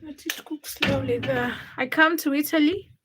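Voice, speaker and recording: A woman's voice: high voice, fairly even intonation, normal speed, noisy background. A young woman hosting a casual livestream, chatting with viewers and reading their comments aloud while she cooks. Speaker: livestream host.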